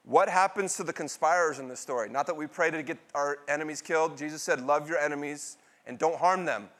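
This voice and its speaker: This pastor, a middle-aged man, quizzes his congregation in call-and-response style and supplies the answers himself. He talks a little fast, lurching dramatically in pitch and loudness between loud bursts and quiet, low asides.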